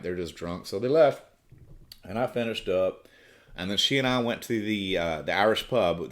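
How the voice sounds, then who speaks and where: Low-voiced man telling a crude story. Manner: crude, profane, rambling with restarts. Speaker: storytelling podcast host. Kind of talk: casual personal storytelling.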